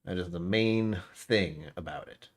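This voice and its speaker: A man with a lowish voice hosts a casual live stream at his computer. He rambles, second-guesses himself and greets chat as he goes. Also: a little slow. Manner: rambling, self-correcting, talks to chat. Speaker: whiskey stream host.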